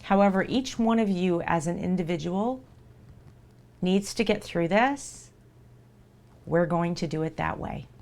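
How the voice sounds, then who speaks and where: A woman's voice: fairly low pitch, a little slow, long pauses, a little mellow. A woman streamer talking live to her viewers in an earnest, reassuring way, repeating herself for emphasis.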